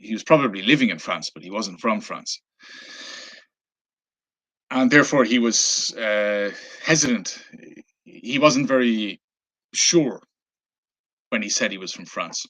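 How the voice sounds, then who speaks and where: A man's voice: on the low side, lively intonation, measured pace, pauses often, bright, forceful tone. A man with an Irish accent, casually recounting a travel story, with lots of fillers and restarts. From Ireland. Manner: rambling, many fillers and restarts. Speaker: travel vlogger. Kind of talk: casual anecdote telling.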